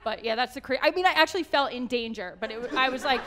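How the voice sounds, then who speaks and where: A woman's voice: high voice, fast talker, crowd noise, noisy background. An American woman telling a long funny story at a live panel, laughing often and acting out the people she quotes. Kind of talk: animated anecdote at a live panel. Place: auditorium stage.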